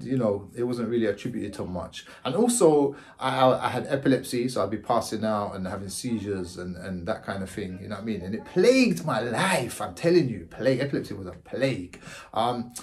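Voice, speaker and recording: A man in his forties tells his story straight to camera in a loose, chatty way, his pitch leaping up and down. He sits in the middle range for a man and keeps asking whether you follow him. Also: normal speed. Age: 40s. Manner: animated, jumps into high exclaiming voices; repeats words and checks in with the listener. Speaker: vlogger.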